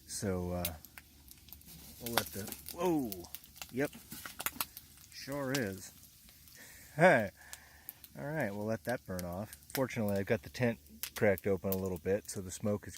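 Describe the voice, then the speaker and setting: Male camping vlogger, low voice, sleepy, halting and rambling, faint outdoor ambience. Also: a little hiss or hum, poor audio. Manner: rambling, halting, many fillers. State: groggy just after waking. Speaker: motocamping vlogger. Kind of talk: casual camp vlog. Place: inside a hot tent with a wood stove.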